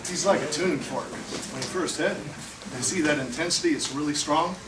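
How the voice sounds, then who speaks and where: Guy a bit high, praising a martial artist, far from mic in a loud echoey room. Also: brisk, noisy background. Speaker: martial arts colleague giving a tribute.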